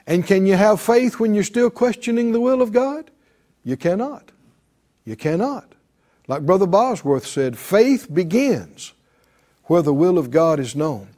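A man preaching a sermon in a high, animated voice that swings widely in pitch. He speaks slowly with a warm, mellow tone. He drives his points home by repeating key words and acting out other people's prayers.

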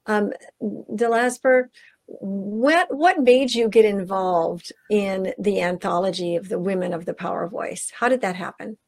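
A woman's voice: medium pitch, unhurried, darkish tone, no room sound. Woman host with a lilt, eager, chatty, close and dry. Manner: enthusiastic, addresses listeners as y'all. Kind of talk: casual interview.

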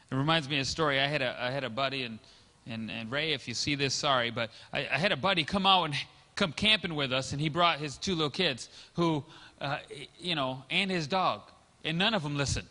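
A high-pitched, bright and forceful male pastor preaching a sermon, his voice ringing with long hall reverb. He talks in a casual storytelling way, acting out the lines of people in his anecdotes. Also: a little fast. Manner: conversational storytelling, acting out quoted dialogue.

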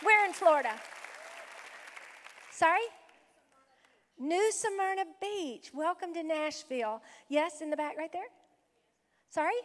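Woman pastor, high voice, effusive greeter, reverberant sanctuary with a faint crowd. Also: takes it slowly, long pauses, fairly bright tone. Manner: exuberant, punctuated with praise exclamations. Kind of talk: welcoming visitors from the pulpit. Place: church sanctuary. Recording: reverberant hall with a faint congregation.

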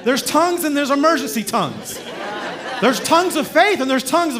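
A man as guest preacher, telling stories in a sermon in a lively, humorous way and chuckling as he speaks. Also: extremely high pitch, brisk, a crowd in the background. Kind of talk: sermon with storytelling.

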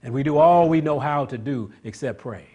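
A man's voice: mid-range voice, normal speed, darkish tone, breathy edge. A man preaching a sermon, pushing each point up into emphatic, rising climaxes and drawing call-and-response from the congregation. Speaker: pastor.

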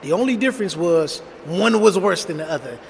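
A high-voiced man in his thirties tells a personal story bluntly and casually. He talks straight to his viewers with lots of slang. His voice carries a long reverb, with a faint hum underneath. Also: lively intonation, a little fast, vocal fry. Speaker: storytime vlogger.

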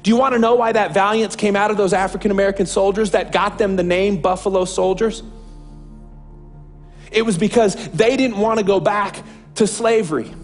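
A man's voice: sits high, steady tone, normal speed, faint music behind. A man preaching a sermon as a pastor, impassioned and repeating phrases for emphasis.

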